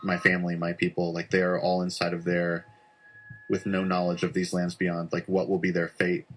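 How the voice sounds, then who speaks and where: A man voicing an earnest young explorer who talks in an anxious, pleading way, in a low voice. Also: completely flat delivery, normal speed, slight background noise, close to an everyday voice.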